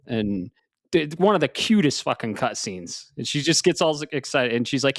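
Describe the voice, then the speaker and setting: A man's voice: mid-range voice, lively intonation, normal speed, no room sound, clean studio sound. A man in his forties, a podcast host, chatting casually and laid-back, swearing often. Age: 40s. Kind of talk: casual chat.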